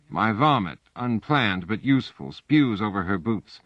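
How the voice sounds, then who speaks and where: A man narrating an audiobook in the first person with measured, even storytelling. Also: on the low side, no echo. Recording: dull, dry audiobook recording.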